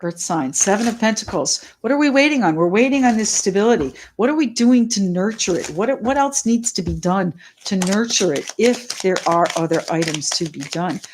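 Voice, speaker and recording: A middle-aged woman giving a live tarot reading, excitable and chatty, talking straight to her viewers and greeting them by name. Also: medium pitch, moderate pace, few pauses, a little hiss or hum. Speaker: tarot reader.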